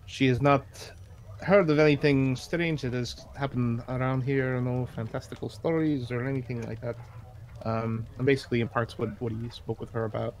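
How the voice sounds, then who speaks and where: A man's voice: mid-range voice, steady tone, normal speed, a little hiss or hum. A man playing a tabletop role-playing game, talking in a hesitant way full of ums and restarts as he describes what his character does. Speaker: player.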